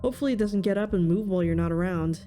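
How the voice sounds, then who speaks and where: A woman plays through a story game on stream, reading the narration aloud between playful comments. Her voice sits a little low and sounds mellow, with faint music underneath. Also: very fast. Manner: playful, laughs often, reads narration aloud. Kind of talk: let's play, reading and voicing a visual novel.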